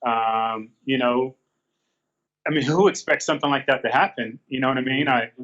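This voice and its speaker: An earnest man in his fifties talks at an easy middle pitch, rambling through his story with plenty of fillers and halting restarts. The sound is dull and lo-fi, with the top end rolled off. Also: a bit bright. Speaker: guest, former pro bodybuilder. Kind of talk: casual interview storytelling.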